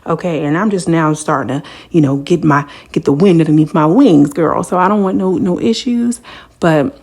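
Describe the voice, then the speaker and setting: A woman giving casual commentary on a reality show, chatty and animated, talking straight to her viewers. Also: low-pitched, normal speed, breathy edge. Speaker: commentary vlogger.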